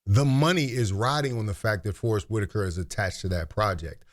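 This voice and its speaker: A man's voice: on the low side, a little fast. A man hosting commentary, making a pointed, rhetorical argument. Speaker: commentary host.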